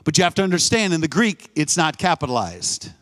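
A man's voice: a little high, big pitch swings, a little fast, a bit bright. A man preaching a live church sermon, emphatic and repetitive, calling out to the congregation. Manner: emphatic, call-and-response, repeats phrases. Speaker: guest preacher. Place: church sanctuary.

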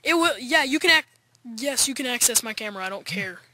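An excitable male gamer with a high, light voice talks fast and eagerly to his viewers. Music plays clearly behind his chatty commentary. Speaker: gaming YouTuber. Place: backyard, outdoors.

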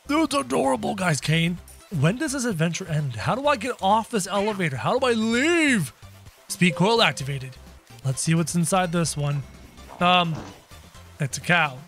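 A man giving excitable gameplay commentary with role-play, often breaking into shouts. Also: high-pitched, moderate pace, soft background music. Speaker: gamer playing as a character.

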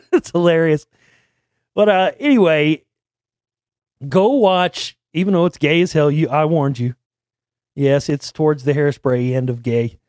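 A man's voice: fairly high pitch, measured pace, long pauses, darkish tone, dry recording, studio quality. A man in his forties hosting a show, talking in a rambling, blunt and profane casual monologue. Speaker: show host.

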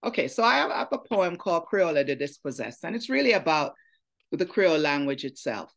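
Jamaican lady poet chatting before a reading, lowish gravelly voice, lots of ums. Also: big pitch swings, brisk. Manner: chatty, with frequent fillers and restarts. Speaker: poet reading at a literary gathering. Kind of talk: spoken introduction to a poetry reading.

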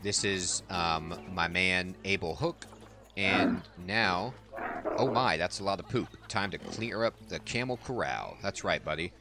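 A deep-voiced man provides relaxed let's play commentary, chatting to the animals on screen in an amused, friendly way. Background music plays steadily behind his voice. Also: a little slow. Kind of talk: casual game commentary.

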